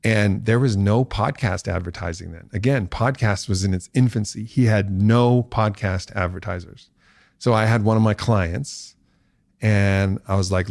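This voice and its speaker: A man in his forties, a podcast guest, telling a story in casual talk and acting out quotes with big jumps in pitch. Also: a little slow, gravelly, a little mellow, dry recording, clean studio sound.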